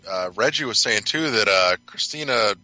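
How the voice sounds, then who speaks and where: A man's voice: on the low side, expressive, moderate pace, pushed and bright, dry recording, poor audio. A man co-hosting a casual gaming podcast, throwing in wry wisecracks. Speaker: podcast co-host.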